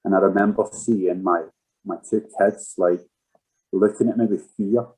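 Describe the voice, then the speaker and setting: A man with a somewhat low voice speaks as a podcast guest. He is frank and swears freely as he tells a personal story in a candid, conversational way. He sounds like a man in his thirties. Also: steady tone, normal speed, dark tone, slightly rough, low-quality recording. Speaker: podcast guest, former footballer.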